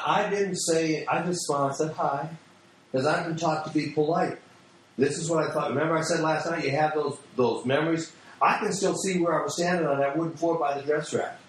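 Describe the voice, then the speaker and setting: Middle-aged guy preaching, kinda high voice, folksy and blunt, big echoey hall, mic far off. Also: slight background noise. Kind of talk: sermon with personal stories.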